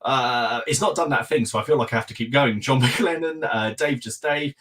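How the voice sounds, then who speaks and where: A man hosting a live podcast, running through viewers' names with quick friendly asides. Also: mid-range voice, very noisy. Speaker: podcast host. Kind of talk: live-stream chat greeting viewers.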